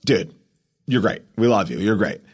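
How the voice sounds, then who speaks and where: A man voicing an excitable, fast-talking male film director, eager and pushy. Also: lowish voice, slightly rough.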